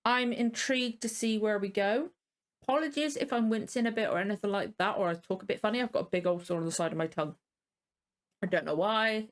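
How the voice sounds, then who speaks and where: A tired woman hosting a reaction video, rambling casually and apologizing often. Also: mid-range voice. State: tired and yawning.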